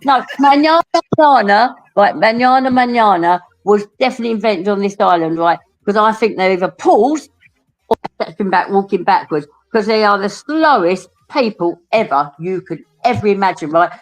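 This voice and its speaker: A woman's voice: mid-range voice, lively intonation, normal speed. Essex woman, talkative panel guest, loose and laughing. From England. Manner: chatty, laughs often, swears casually. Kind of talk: casual livestream chat.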